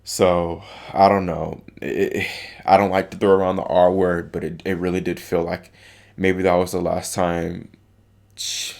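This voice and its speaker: A gravelly, deep-voiced man with a darkish tone vlogs about tennis straight to camera. His talk is halting and rambling, full of restarts and filler words, and heartfelt in how the topic gets to him.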